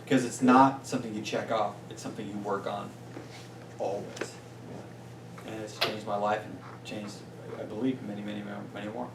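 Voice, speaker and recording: A man giving an energetic motivational talk as a business coach to a small group, often checking in with "right?". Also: fairly low pitch, normal speed. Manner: energetic, peppers points with "right?". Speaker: business coach and guest speaker. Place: meeting room with a small audience. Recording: roomy distant sound with faint noise.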